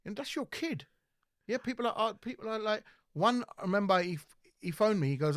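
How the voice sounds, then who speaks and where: A middle-aged British man whose English carries a Punjabi lilt. He tells animated stories at a rapid clip, switching between English and Punjabi, his voice sitting a little high. The sound is dry and close, with no room around it. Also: no echo. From United Kingdom. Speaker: immigration solicitor and TV guest. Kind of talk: casual podcast chat.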